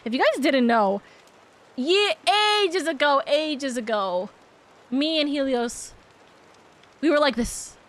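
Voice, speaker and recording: Bubbly high-voiced woman streamer. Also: animated. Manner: bubbly, affectionate, rapid and rambling. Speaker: VTuber streamer. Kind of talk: casual live-stream chat with viewers.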